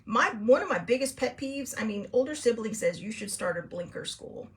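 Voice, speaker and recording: A middle-aged host from California, telling a story in a casual, rambling way, laughing often and acting out both sides of an argument. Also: female voice, fairly high pitch, animated, normal speed. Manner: chatty, laughs often, rambling with fillers and restarts; acts out both sides of a quarrel in raised tones. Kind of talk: casual storytelling to a live chat.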